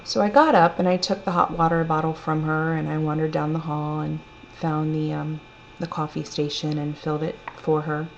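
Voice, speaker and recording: A woman with a lowish voice tells a personal story in a gentle, reflective way, taking her time. The recording is a little dull and lo-fi, with a faint hum underneath. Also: little pitch movement, normal speed, vocal fry, few pauses. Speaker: storyteller sharing a personal testimony.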